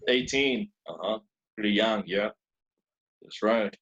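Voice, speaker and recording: A man's voice: lowish voice, slow pace, fairly bright tone, lo-fi sound. A man teaching English online, patient and repetitive, switching into to explain. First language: Spanish.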